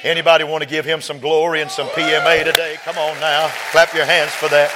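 High-voiced fervent preacher man. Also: flat delivery, brisk, over a noisy crowd, heavy background noise. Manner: builds from quiet to shouted, quotes scripture with fervor. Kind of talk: sermon.

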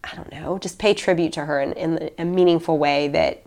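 A woman's voice: deep voice, fairly even intonation, fairly quick, darkish tone. A young adult woman talking casually and emotionally in a podcast conversation, full of "like" and restarts. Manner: heartfelt, many likes and restarts.

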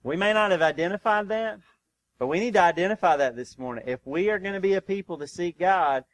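A man preaching a sermon as pastor. He presses his congregation with questions, calls out "Amen?", and moves between urgent, loud stretches and hushed, slow ones. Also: high voice, no echo, low-quality recording. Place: church sanctuary.

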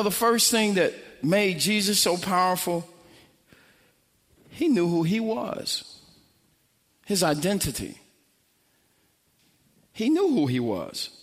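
A man's voice: a little high, a bit bright, in a large hall. A man preaching a sermon, telling a story with acted-out quotes and building to emphatic, repeated lines.

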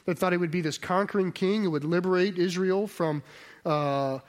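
A man's voice: high voice, normal speed. A man preaching a conversational sermon, often asking his listeners rhetorical questions and restarting his sentences. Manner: restarts and self-corrections mid-sentence.

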